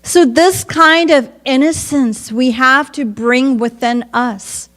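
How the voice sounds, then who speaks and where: A woman preacher telling a devotional story in an earnest, measured sermon. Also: high-pitched, a bit bright.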